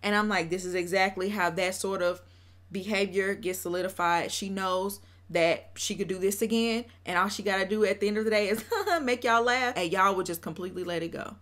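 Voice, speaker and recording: Blunt, animated young woman reviewing a show. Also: medium pitch, brisk. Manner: blunt and judgmental, talks straight to viewers; animated, acts out quotes in put-on voices. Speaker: vlogger recapping a reality show. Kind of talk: casual opinionated recap.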